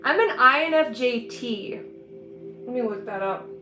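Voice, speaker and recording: A woman's voice: fairly high pitch, lively intonation, measured pace, sharp tone. A woman chatting casually and rambling with her viewers while she paints on a livestream, laughing often. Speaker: livestreaming artist. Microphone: streaming setup. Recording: roomy with faint background music.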